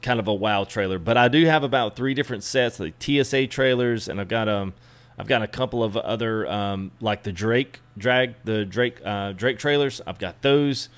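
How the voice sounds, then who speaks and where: A streamer with a fairly low voice and moderate pace chats casually with live viewers during a gameplay stream. He's customizing a truck in the game and greets people by name.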